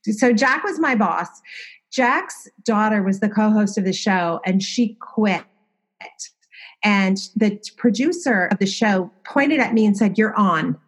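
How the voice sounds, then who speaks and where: A woman's voice: mid-range voice, unhurried, husky. Candid, self-mocking middle-aged woman. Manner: candid, self-deprecating, lively storyteller. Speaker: guest, designer and former TV host. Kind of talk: casual storytelling interview.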